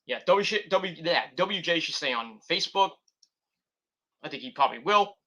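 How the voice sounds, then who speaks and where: Pitched a little high, this wrestling vlogger sounds animated at a moderate pace with a fairly bright tone, though the recording is muffled. Expect loose, profane, tangent-prone commentary.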